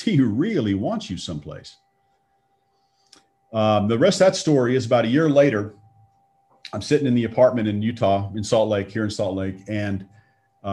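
A man's voice: on the low side, a little mellow. Man, middle-aged, storytelling talk, acts out quotes. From Texas. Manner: conversational, acts out quoted lines. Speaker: speaker sharing a personal faith story.

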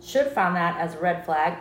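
A woman's voice: lowish voice, measured pace, creaky. A woman co-hosting a podcast, telling a personal story in casual chat and acting out the voices of the people in it. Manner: animated storyteller, acts out quotes, laughs often. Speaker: podcast co-host. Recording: echoey room, faint noise.

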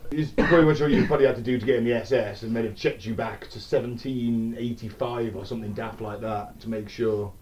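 A man's voice: medium pitch, fairly even intonation, a little fast, hardly any pauses, a little mellow, far from the mic, a little hiss or hum. A man co-hosting a casual podcast, reading from his notes with a jokey, laid-back manner. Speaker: podcast co-host. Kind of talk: casual chat.

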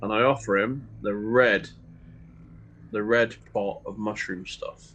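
Casual sweary player with a slightly husky, mid-pitched voice. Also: male voice, steady tone, takes it slowly, fairly bright tone, rough recording. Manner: cheeky, sweary, laughs often. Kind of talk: casual tabletop role-play.

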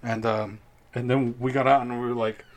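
A man's voice: mid-range voice, level tone, moderate pace. A young man in casual chat, telling anecdotes with a dry, joking tone.

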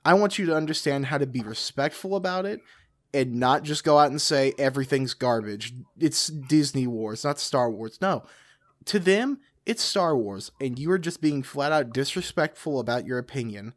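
A man's voice: medium pitch, expressive, normal speed. A man co-hosting a podcast in casual chat, talking emphatically, repeating his points and laughing often. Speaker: podcast co-host.

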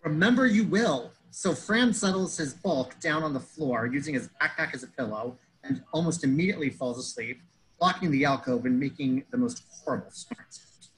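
A man's voice: mid-range voice, animated, moderate pace, rough recording. A man telling a comedic story in a pedantic, wordy way, fussing over grammar and metaphors.

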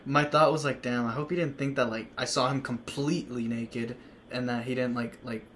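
A man's voice: mid-range voice, fairly even intonation, a little fast, fairly bright tone, slight background noise. A young man telling a rambling story on a podcast, full of restarts and acted-out quotes, laughing often. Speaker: podcast guest. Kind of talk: casual storytelling among friends.

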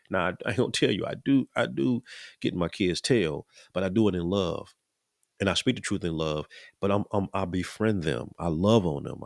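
A man's voice: lowish voice, vocal fry, no echo, clean studio sound. A middle-aged man, talking earnestly in a casual preaching style, often repeating and restarting his words. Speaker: podcast host.

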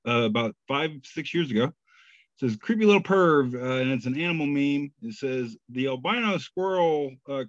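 Speaking in a mid-range voice, this comedy podcast co-host reads out memes and jokes at his own expense, letting pauses drag out in casual banter. His dull lo-fi podcast mic has no echo.

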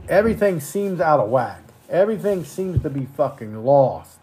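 Man, podcast host, angry rant, profane, crude, repeats words, highish voice. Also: sing-song, moderate pace, mellow, breathy edge. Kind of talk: profane ranting monologue.

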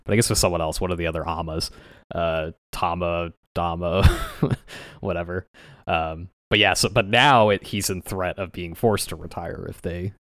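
A man's voice: sits low, steady tone, moderate pace, a bit bright, dry recording, studio quality. A man co-hosting a podcast in casual chat, chatty, laughing between remarks and quoting others in raised voices. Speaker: podcast co-host.

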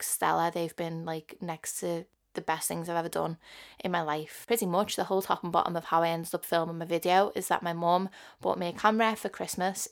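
A woman's voice: on the low side, creaky. A 21-year-old woman from Liverpool with a Scouse accent, chatting casually and rambling on her solo podcast with lots of "like" fillers. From Liverpool, England. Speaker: podcast host.

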